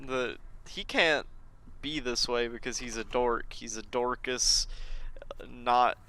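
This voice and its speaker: A woman co-hosting a podcast, talking slowly and casually about a cartoon episode, often stammering and repeating her words. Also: extremely low pitch, a bit bright. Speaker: podcast co-host.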